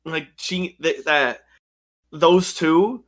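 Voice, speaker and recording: A man co-hosting a podcast, talking casually and excitedly about an anime with lots of "yo" and "like". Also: fairly high pitch, drawn-out words. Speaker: podcast co-host.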